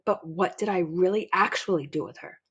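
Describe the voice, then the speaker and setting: A woman's voice: on the low side, a little fast, slightly rough, lo-fi sound. Woman narrating a children's storybook. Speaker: audiobook narrator.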